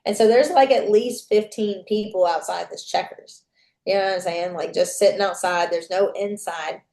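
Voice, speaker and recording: Speaking at normal speed in a lowish, creaky, slightly mellow voice, a young woman appearing as a podcast guest shares a personal story. She's frank and profane, reenacting other people's dialogue, and the room sounds echoey.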